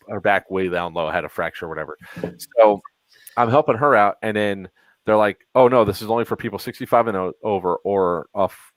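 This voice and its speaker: Low-voiced exasperated man telling a story. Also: no echo, rough recording. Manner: exasperated storytelling, retelling dialogue. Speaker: podcast host. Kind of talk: casual chat.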